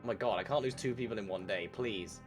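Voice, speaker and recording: A man's voice: fairly low pitch, fast, music in the background. A man streaming a game, reading a visual novel aloud and breaking off to react, swearing casually.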